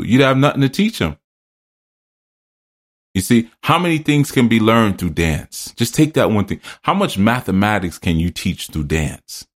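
A man hosting a spiritual teaching podcast, drifting into loose personal stories and laughing at himself. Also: deep voice.

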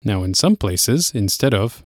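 Male lesson host, low-ish voice, dry studio read, patient and clear. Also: no echo. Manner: clear, steady explaining, slows on key phrases. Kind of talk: language lesson presenting.

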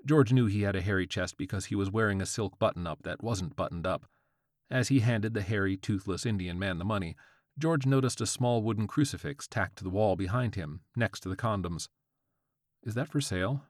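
A man narrating a short story with a wry, deadpan delivery on a close studio mic. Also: fairly low pitch, brisk, no room sound. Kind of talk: scripted audiobook narration.

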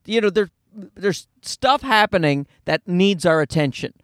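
A man's voice: high voice, animated, a little slow, fairly bright tone, smooth, dry recording. A comedian in his thirties hosting his own podcast from a home studio, ranting casually with profanity and acted-out voices.

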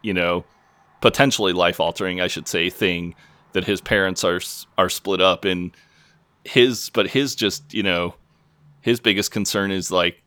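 A man's voice: sits low, steady tone, moderate pace, a bit bright, no room sound. A man co-hosting a podcast, chatting loosely and swearing freely as he recaps a TV episode with lots of fillers. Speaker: podcast co-host. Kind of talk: casual chat recapping a TV episode.

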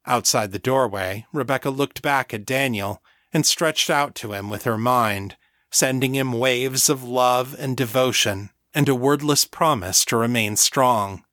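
A man reading a fantasy audiobook chapter in a steady, even storytelling voice. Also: medium pitch, dry recording, clean studio sound. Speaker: audiobook narrator. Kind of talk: scripted narration.

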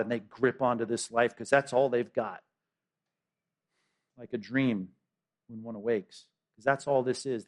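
A man preaching a sermon as pastor, conversational, with frequent rhetorical asides. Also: mid-range voice.

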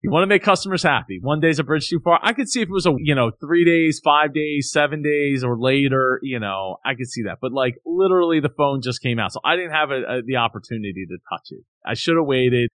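Brief: male co-host, lively complaining storyteller, dry recording. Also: mid-range voice, a little fast, hardly any pauses, no room sound. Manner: animated, ranting, mock-quoting others. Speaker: podcast co-host. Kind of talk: casual chat, telling a complaint story.

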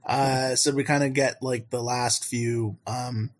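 A man's voice: mid-range voice, steady tone, takes it slowly. Chatty man recapping an episode. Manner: rambling, amused storytelling with acted-out quotes. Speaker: podcast co-host. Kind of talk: casual chat recapping an episode.

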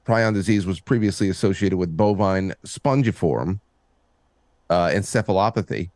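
A man co-hosting a podcast in casual chat, reading articles aloud with halting restarts. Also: sits low, darkish tone, dry recording. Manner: halting, repeats words, reads articles aloud. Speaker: podcast co-host.

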